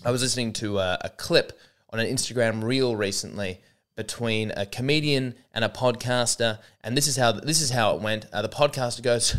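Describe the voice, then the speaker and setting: A young man riffs alone into his podcast mic as a comedian. His voice is smooth and resonant, and his rambling, sarcastic delivery turns often to mocking himself. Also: medium pitch, moderate pace, a bit bright. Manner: sarcastic, rambling, self-deprecating. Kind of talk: solo comedic monologue.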